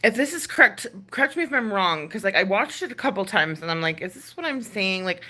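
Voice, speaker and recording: An ASMR creator with a medium-pitched, expressive, sharp voice rants casually and fast on a live stream. Exasperated, she fills her talk with sighs, fillers and swearing.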